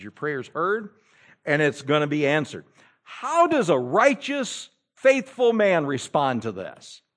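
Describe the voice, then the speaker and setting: A male pastor preaching a sermon, telling the story in an animated, humorous way. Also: medium pitch.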